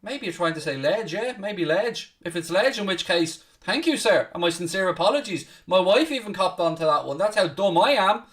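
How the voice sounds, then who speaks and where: A man hosting a live football watchalong, commentating casually, swearing a little, mocking himself, and shouting out loud at big chances. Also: high-pitched, animated, moderate pace, few pauses, far from the mic. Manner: self-deprecating, swears casually. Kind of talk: live match commentary and chat with viewers.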